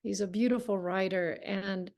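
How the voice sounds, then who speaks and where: A woman leading a healing writing workshop on a video call, speaking in a gentle, encouraging and reflective way. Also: mid-range voice, steady tone, normal speed.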